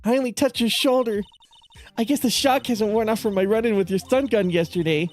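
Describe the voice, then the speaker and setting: A man's voice: a little fast, a little mellow, close to an everyday voice. A man voicing a perky young woman assistant, reading game dialogue aloud in a raised version of his own voice. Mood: cheerful. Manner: raised pitch, bouncy lilt.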